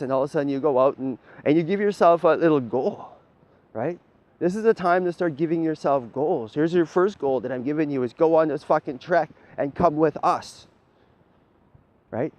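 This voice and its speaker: Through lo-fi sound comes a slightly high, slightly mellow male voice. Styling himself a spiritual leader, he delivers a rambling, preachy monologue, swearing freely and asking "right?" again and again.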